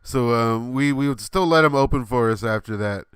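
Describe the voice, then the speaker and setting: A man's voice: mid-range voice, normal speed, fairly bright tone, clear, resonant tone, no echo, studio quality. A man in his thirties hosting a livestream, telling a rambling, laughing story with many fillers and some swearing. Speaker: livestream host.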